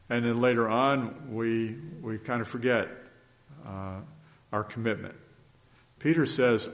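A man preaches in an earnest, folksy, conversational way, often breaking off and restarting his sentences. His voice sits at an ordinary middle pitch. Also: fairly even intonation, normal speed. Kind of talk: conversational sermon.

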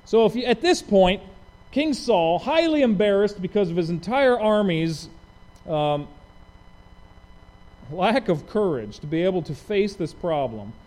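A man with a high voice preaches a Bible sermon verse by verse at a measured pace. He is lively, puts questions to his listeners, and acts out the story's characters, delivering their quoted lines conversationally.

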